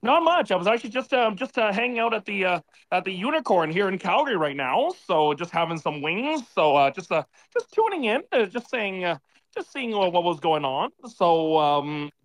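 A man's voice: sits high, big pitch swings, normal speed. A man calling into a live audio chat from a bar, a bit tipsy from beer, rambling and exasperated with lots of filler words. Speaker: caller.

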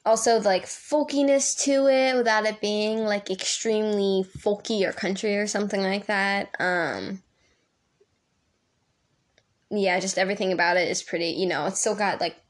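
A teenage girl chatting alone on a casual podcast from home, rambling with lots of ums and likes and laughing often. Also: medium pitch. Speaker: podcast co-host. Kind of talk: solo casual podcast chat. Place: home room. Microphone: home recording app.

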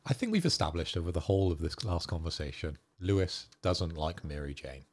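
A man's voice: sits low, expressive, brisk, a little mellow, husky. A man co-hosting a podcast, talking casually in an easygoing way. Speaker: podcast co-host. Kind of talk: casual chat.

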